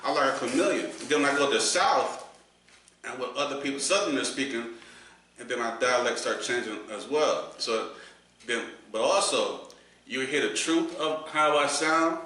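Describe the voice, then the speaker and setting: A man's voice: medium pitch, moderate pace, sharp tone. A man, hosting a casual podcast chat, rambling and restarting often. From New York. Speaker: podcast host. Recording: echoey room, from a distance, faint noise.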